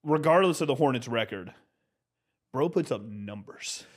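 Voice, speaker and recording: A man co-hosting a relaxed podcast conversation at a plain middle pitch. He speaks frankly and easily, like someone chatting with a friend. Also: moderate pace. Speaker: co-host. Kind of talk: casual podcast chat.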